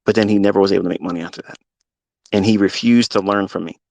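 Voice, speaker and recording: A man's voice: lowish voice, steady tone, fast talker, vocal fry, darkish tone. A fifty-year-old man, a trading mentor, speaking off the cuff in a live audio talk, emotional and blunt and swearing freely. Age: 50s.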